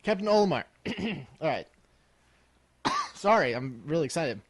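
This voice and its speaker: A young man co-hosting a podcast, chatting casually and playfully, cracking jokes and clearing his throat now and then. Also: on the high side, sing-song, unhurried, no echo. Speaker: podcast co-host.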